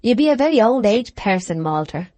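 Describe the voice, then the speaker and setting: A woman's voice: a little high, very animated, a little fast, warm tone, dry recording, voice pushed up. Woman reading as a soothing, genial villager. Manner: soothing, coaxing. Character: genial male village labourer. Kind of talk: audiobook character reading.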